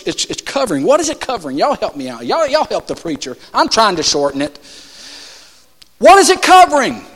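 A male preacher with a high, bright voice that leaps all over its range, working the crowd with call-and-response questions. His sermon rings with a long church reverb as he jumps from shouts to hushed asides. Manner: shouts and drops to soft asides.

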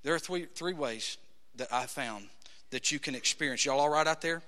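A man preaching a sermon. He swings from hushed, low passages to shouted, drawn-out climaxes. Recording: long hall reverb.

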